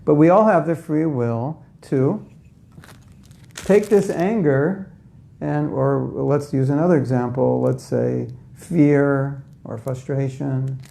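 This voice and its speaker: Gravelly-voiced man giving a spiritual talk. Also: medium pitch, dark tone. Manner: conversational, asks the audience questions; acts out inner voices in quotes. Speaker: spiritual teacher. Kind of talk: spiritual talk to a live audience.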